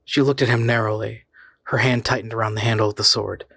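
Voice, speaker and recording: Man narrating a scary story, husky voice, dry close sound, measured suspense. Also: lowish voice, fairly even intonation, a bit bright, no echo. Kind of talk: scripted horror story narration.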